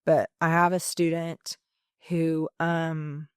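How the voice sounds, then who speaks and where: A woman who teaches high school theatre, speaking earnestly and emphatically in a podcast interview, with many fillers and pauses. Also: level tone, clear, resonant tone, no echo, studio quality. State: emotional.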